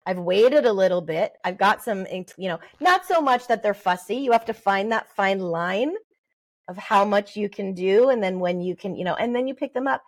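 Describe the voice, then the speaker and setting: A middle-aged woman talks through parenting advice in a podcast conversation. Her pitch sits in a middle range, and she animates her points by acting out little exchanges with babies. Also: normal speed. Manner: animated, acts out parent-baby talk. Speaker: guest, early development expert.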